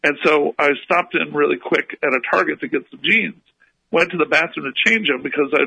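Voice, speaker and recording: A man's voice: fairly high pitch, fairly quick, vocal fry, breathy edge, dry recording, poor audio. A man guest on a radio interview, telling a long story with energy and acting out the people he quotes. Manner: animated, acts out the people he quotes.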